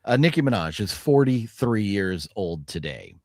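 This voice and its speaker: A man's voice: on the low side, sing-song, normal speed, dry recording, clean studio sound. A man hosting a casual podcast, chatting and reading off celebrity birthdays. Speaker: podcast host. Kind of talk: casual chat.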